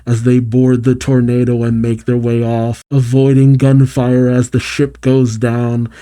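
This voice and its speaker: A man's voice: mid-range voice, monotone, measured pace, warm tone, clean tone. A man hosting a comic reaction, reading the story aloud with casual, chuckling asides.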